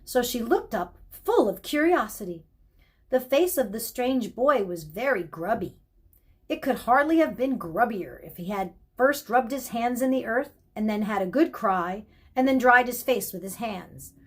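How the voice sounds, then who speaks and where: Female audiobook narrator; calm, expressive storytelling, slightly high voice. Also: a little slow, husky. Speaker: audiobook reader.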